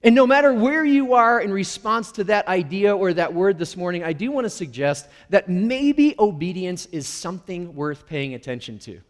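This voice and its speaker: A man's voice: high-pitched, lively intonation, normal speed, few pauses. A middle-aged male pastor giving a conversational, candid sermon with playful, self-deprecating asides. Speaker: lead pastor. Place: church sanctuary. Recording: long reverb of a large hall.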